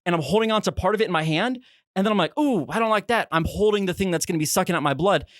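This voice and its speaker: A young man co-hosting a podcast, telling a story in a casual, animated way and acting out his own reactions. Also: very fast, no room sound, clean studio sound. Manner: animated, re-enacts his own reactions with big pitch jumps. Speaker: podcast co-host.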